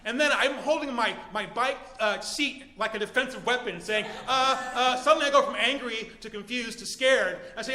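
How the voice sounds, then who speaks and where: Man, live comic storyteller, high, forceful voice, reverberant hall sound. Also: normal speed, hardly any pauses. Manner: energetic, bursts into shouting. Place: comedy club stage. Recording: echoey hall, live stage.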